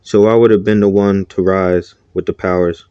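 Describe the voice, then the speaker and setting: Guy reading as a bitter heir who wanted the throne, deep and gravelly, muffled dry recording. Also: level tone, normal speed, dark tone, dry recording, close to an everyday voice. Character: scheming young man, bitter rightful heir.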